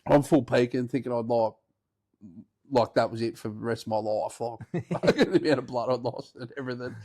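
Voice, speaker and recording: A man's voice: mid-range voice, normal speed, warm tone. A man with an Australian accent, hosting a podcast and telling a rambling, swear-filled story in a casual way, often breaking into laughter. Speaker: podcast host.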